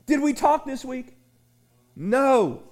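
A man preaching a sermon as pastor of a small church, folksy and rambling, with many restarts and shouted refrains. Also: very high-pitched, expressive, takes it slowly.

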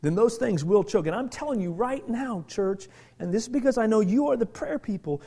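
A man preaching a sermon as pastor, animated, moving from quiet confiding talk to shouted emphasis. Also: high voice, a little fast, slightly rough.

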